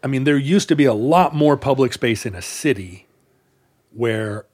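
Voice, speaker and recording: A man's voice: medium pitch, expressive, normal speed, a little mellow. A man co-hosting a podcast, talking in a casual, wry way with many fillers and restarts. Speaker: podcast co-host. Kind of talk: casual chat.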